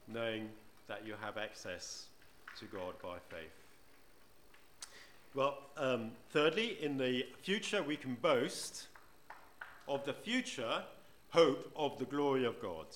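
A man's voice: mid-range voice, fairly bright tone, a little hiss or hum. A man preaching a sermon in church, conversational, often asking the congregation rhetorical questions. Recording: roomy church echo.

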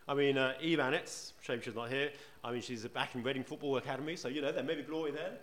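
Preacher in an echoey church. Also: male voice, medium pitch, steady tone, quick pace, few pauses, a bit bright. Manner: conversational, asks the congregation rhetorical questions. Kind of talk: sermon. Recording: roomy church echo.

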